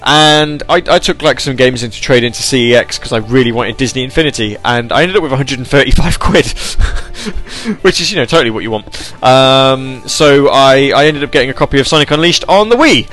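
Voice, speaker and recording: A man's voice: medium pitch, expressive, a bit bright, faint music behind. Rambling self-mocking British man presenter. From Britain. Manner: rambling, self-mocking, quick shifts into announcer voice. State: sore throat from the deep announcer voice. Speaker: internet radio presenter. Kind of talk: casual live radio chat.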